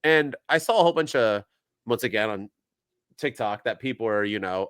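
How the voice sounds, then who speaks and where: A man's voice: medium pitch, very animated, brisk, bright, forceful tone, dry recording. Sarcastic ranting man, dry podcast sound. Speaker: podcast co-host. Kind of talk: casual wrestling podcast chat.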